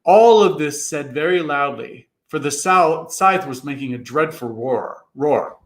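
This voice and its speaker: A man's voice: lively intonation, a little slow. A man giving a theatrical reading of a classic story, jumping into character voices as he narrates. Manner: theatrical, voices characters with big pitch jumps. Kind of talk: dramatic reading of a classic novel. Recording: echoey room.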